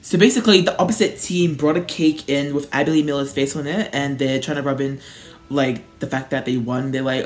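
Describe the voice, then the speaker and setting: A woman hosting a casual reaction video, talking in an animated way and laughing often. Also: low voice, a little fast, faint music behind.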